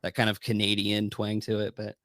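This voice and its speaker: Low-voiced American man, dry and measured. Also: monotone, no echo. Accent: Pacific Northwest American. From USA. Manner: measured, dry, softly hesitant. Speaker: podcast guest. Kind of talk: casual chat.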